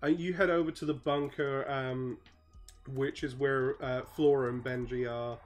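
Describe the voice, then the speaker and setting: A game master narrating a tabletop role-play in a relaxed, loose manner with lots of fillers. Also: mid-range voice, a little slow, a little hiss or hum.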